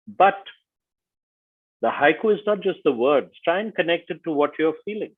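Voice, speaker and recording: A man leading an online workshop, speaking slowly and deliberately and stressing each syllable as he reads. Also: mid-range voice. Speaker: workshop facilitator. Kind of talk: online teaching session. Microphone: video call. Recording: tinny video-call audio.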